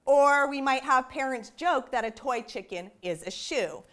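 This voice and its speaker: Higher-voiced woman explaining research. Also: lively intonation, a little slow, fairly bright tone. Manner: explanatory, conversational, with frequent "you know" asides. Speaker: developmental psychologist giving a talk. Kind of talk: public science talk.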